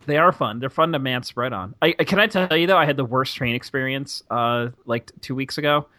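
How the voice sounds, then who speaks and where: A man's voice: medium pitch, brisk, pushed and bright, dry recording. A man guest on a podcast, telling a self-deprecating anecdote in casual chat and acting out the people in it. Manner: self-deprecating storyteller, acts out voices in anecdotes.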